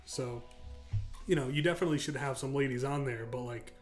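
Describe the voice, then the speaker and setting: A young American man co-hosting a podcast, talking casually in a rambling, relaxed way with his girlfriend. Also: medium pitch, brisk, faint music behind. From United States. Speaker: podcast co-host. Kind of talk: casual chat.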